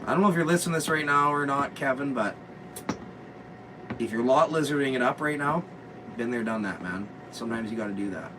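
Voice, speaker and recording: A man's voice: medium pitch, a little fast. A man hosting a rowdy vlog from a motorhome, crude and joking with lots of swearing. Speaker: vlog host. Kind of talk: rowdy casual chat. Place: inside a motorhome. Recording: distant mic, noisy motorhome.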